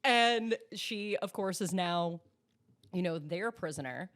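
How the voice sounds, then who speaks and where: A woman co-hosting a podcast, chatting casually and excitedly, often laughing, swearing and acting out characters. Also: lowish voice, slow pace. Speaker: podcast co-host. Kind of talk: casual recap chat.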